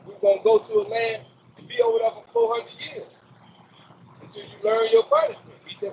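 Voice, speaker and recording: A man's voice: very high voice, huge pitch swings, a little fast, creaky, a little mellow, highs cut off, slight background noise. A man preaching on the street in front of a store, emphatic and quoting scripture with rhetorical questions, recorded on a phone outdoors. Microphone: phone recording a video.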